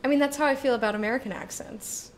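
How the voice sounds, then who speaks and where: A woman's voice: high voice, a little hiss or hum. Chatty woman streaming a game. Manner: chatty and drawn-out, lingers on words. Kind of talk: casual chat while streaming a game.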